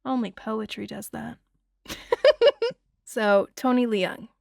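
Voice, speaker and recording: A woman hosting a casual film breakdown, expressive and gushing, swearing freely with sighs and laughs. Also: medium pitch, slow pace, creaky, dry recording, clean studio sound. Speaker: film reviewer, host.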